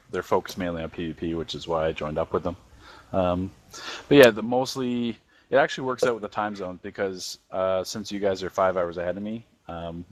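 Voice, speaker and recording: A man with a very low voice talks as a guest on a casual gaming podcast. He rambles, restarting sentences and filling gaps with ums and likes. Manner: rambling, with many fillers and restarts.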